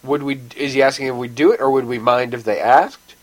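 A man's voice: mid-range voice, fairly even intonation, brisk, poor audio. A man co-hosting a podcast in casual chat, dry, sarcastic and pedantic. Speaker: podcast co-host.

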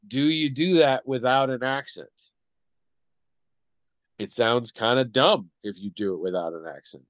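A man's voice: mid-range voice, lively intonation, unhurried, pauses often, dry recording, dull audio. Thoughtful man talking in a dry room. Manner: thoughtful, hesitant, trails off. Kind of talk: casual discussion.

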